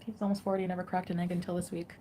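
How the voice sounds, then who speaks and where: A woman's voice: lowish voice, level tone, rapid-fire, dark tone, a little hiss or hum. Giggly rambling woman streamer. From Canada. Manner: rambling, giggly, lots of fillers. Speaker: livestreamer. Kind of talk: casual livestream chat.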